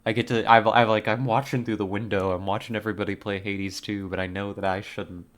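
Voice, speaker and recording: A man's voice: on the low side, flat delivery, brisk. A man streamer chatting casually with his viewers as he ends his stream, rambling and playful and laughing often. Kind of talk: casual stream sign-off chat.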